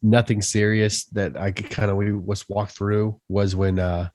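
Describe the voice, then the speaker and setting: A man with a low voice tells a patrol story in an easy, rambling way, chuckling at his own memory. The recording is dry and close to the mic. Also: measured pace, no echo. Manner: relaxed storyteller, laughs at his own tale. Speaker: podcast co-host. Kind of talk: casual veterans' podcast chat.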